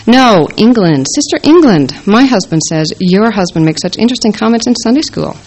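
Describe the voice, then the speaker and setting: A woman voicing a chatty middle-aged church nursery leader, bright and sing-song. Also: mid-range voice, expressive, fairly quick, a little hiss or hum, pitched above the performer's own voice, lightly acted. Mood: gushing.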